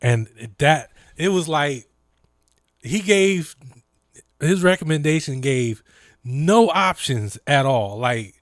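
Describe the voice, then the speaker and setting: A man's voice: a little high, expressive, slow, no echo, studio quality. A man hosting a live stream, telling stories animatedly with lots of fillers and impressions. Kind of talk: casual chat.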